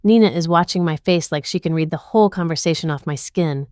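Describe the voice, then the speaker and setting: A woman narrates a dramatic story in the first person, keeping her delivery tense and inward. Her voice sits on the lower side. The recording is dry, with no room sound at all. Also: quick pace, a little mellow, smooth, dry recording.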